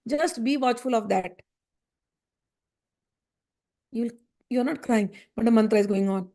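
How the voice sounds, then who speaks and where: High-voiced woman teaching. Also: moderate pace. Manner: earnest, repetitive, gently reassuring. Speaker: spiritual teacher. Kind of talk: spiritual discourse.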